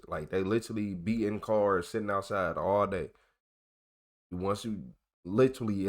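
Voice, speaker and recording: A man hosting a channel, reading old documents aloud in a casual way, tripping over long words and breaking off for joking slang asides. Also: medium pitch. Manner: stumbles over long words and corrects himself. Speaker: channel host.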